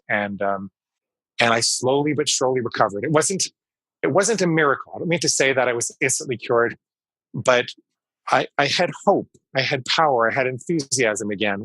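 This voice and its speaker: A man's voice: medium pitch, a bit bright, no echo, poor audio. A man in his fifties, a psychologist guest in an interview, explaining things emphatically and repeating key phrases. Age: 50s. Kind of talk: conversational interview storytelling.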